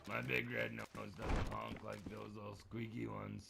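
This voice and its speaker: A man's voice: on the low side, little pitch movement, a little slow, vocal fry, very noisy. A man streaming a game, chatting casually with other players, joking, teasing and swearing freely.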